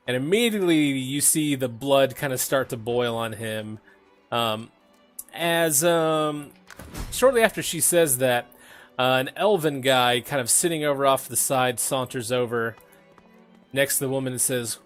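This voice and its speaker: A man's voice: mid-range voice, moderate pace, soft background music. A young man running a tabletop game as game master, narrating casually with many fillers and laughs.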